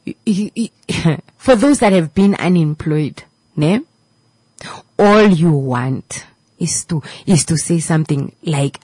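Low-voiced woman preaching gratitude. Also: animated, slow pace, warm tone, breathy edge, no echo, rough recording. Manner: repetitive, preachy, emotional, drops to a whisper at times. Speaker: radio host. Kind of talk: heartfelt motivational talk to listeners.

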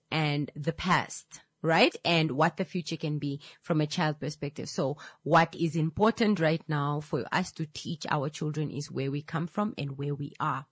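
A woman with a Namibian English accent hosting a casual radio talk show, animated and teasing. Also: sits low, unhurried, hardly any pauses, slightly rough, no echo. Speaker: radio host.

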